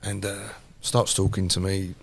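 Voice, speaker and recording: A man, a podcast host telling a lively personal story in casual chat. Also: low-pitched, measured pace, vocal fry. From London. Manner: animated anecdote teller, repeats phrases for emphasis.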